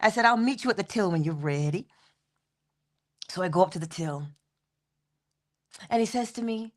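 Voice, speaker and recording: Middle-aged woman, spiritual motivational talk, lively swooping pitch, rhythmic repetition, laughs often. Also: normal speed, pauses often. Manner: repeats phrases rhythmically. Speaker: inspirational speaker.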